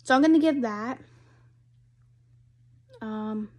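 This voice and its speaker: A young woman with a fairly high voice chats casually in a taste-test vlog, rambling and giggly. She sounds slightly hoarse, as if losing her voice, talking indoors at home. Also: slow, darkish tone. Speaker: vlogger.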